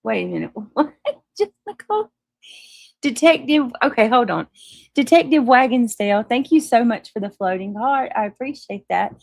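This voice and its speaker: Chatty woman livestream host, gravelly edge. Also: fairly high pitch, lively intonation, a little fast, no room sound, studio quality. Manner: chatty, apologetic, laughs easily, restarts often. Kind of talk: casual livestream chat reading viewer comments.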